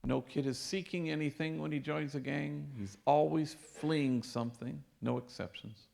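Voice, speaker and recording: Priest, 50s, slightly gravelly voice, easygoing storyteller at a lecture. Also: male voice, fairly high pitch, moderate pace. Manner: warm anecdotal storytelling with Spanish phrases. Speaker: priest and speaker. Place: lecture hall.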